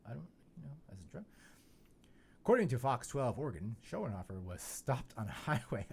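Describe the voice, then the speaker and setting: A man's voice: mid-range voice, big pitch swings, brisk, creaky, darkish tone, slight background noise. A man hosting a podcast in casual chat, rambling and joking with lots of "you know" fillers. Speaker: podcast host.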